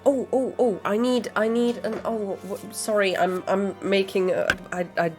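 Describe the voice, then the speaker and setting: A woman's voice: medium pitch, fairly even intonation, measured pace, a little mellow, soft background music. A young woman streaming a game at home in casual, giggly chat, using baby talk with her dog.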